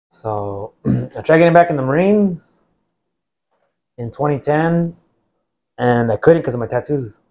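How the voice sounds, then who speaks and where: Unhurried, with long pauses and a medium pitch, this man is a U.S. military veteran in his forties appearing as a guest. He relates his story casually and ramblingly, peppering it with "like" and acting out others' words.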